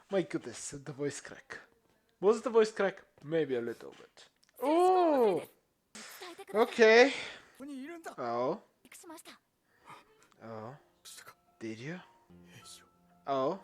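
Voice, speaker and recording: Lively woman reacting to anime. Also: mid-range voice. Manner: excited outbursts and muttered asides. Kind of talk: casual reaction commentary. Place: home room at dusk.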